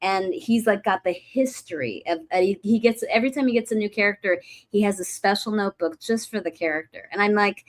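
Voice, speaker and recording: A woman's voice: medium pitch, fairly quick, few pauses. A woman who mentions her acting teacher, a guest on a livestream, talking in an enthusiastic and gushing way. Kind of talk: casual chat.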